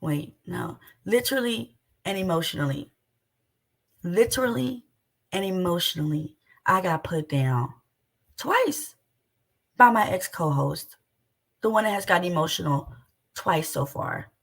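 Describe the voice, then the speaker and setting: Husky, indignant woman in loud commentary. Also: lowish voice, animated, unhurried, pauses often. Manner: loud, indignant and mocking, with frequent outbursts. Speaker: commentator reacting to a stream clip. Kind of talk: heated reaction commentary.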